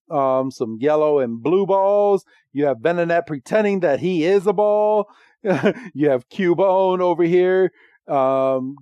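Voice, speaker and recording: A man co-hosting a podcast, casually recapping a cartoon episode with lively retelling. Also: smooth, no room sound, muffled recording. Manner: animated recap, doing squeaky character voices. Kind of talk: casual chat.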